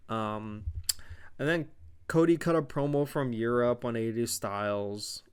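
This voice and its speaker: A man hosting a solo podcast, recapping a wrestling show in a loose, rambling way and swearing freely. His voice is smooth and clear at a middle pitch, though his mouth is dry. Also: a little slow. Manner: rambling, profane, offhand. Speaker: podcast host.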